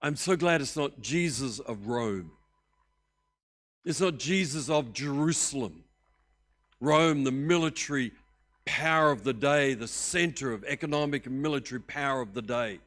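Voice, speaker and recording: An older Australian man preaching a sermon as pastor, animated and joking in a conversational way. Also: medium pitch, moderate pace.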